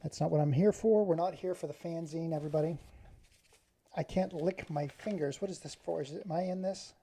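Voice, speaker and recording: A man's voice: a little high, fairly quick, mellow. A man talking casually to the camera in a rambling, self-deprecating way. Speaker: vlogger.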